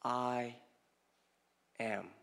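A middle-aged man preaching a sermon, telling a personal story with emotional repetition and loud rising emphasis. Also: medium pitch, fairly even intonation, extremely slow, gravelly. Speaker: pastor.

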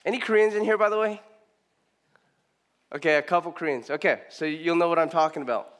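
A man preaching a storytelling sermon to a live congregation, animated and acting out what people said, often restarting his sentences. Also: on the high side, a little fast. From Southern California, US. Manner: animated, acts out quoted speech, frequent restarts.

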